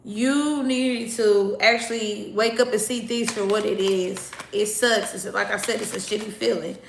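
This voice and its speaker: A woman's voice: medium pitch, steady tone, unhurried, vocal fry, echoey room, slight background noise. A woman doing a casual tarot reading, talking bluntly and chattily straight to her viewers, sometimes swearing. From United States. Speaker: tarot reader.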